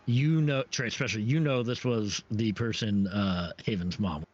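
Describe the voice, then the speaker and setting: Low-voiced man running a tabletop game. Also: darkish tone. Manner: halting, many restarts and fillers. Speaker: game master. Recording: dull lo-fi stream audio.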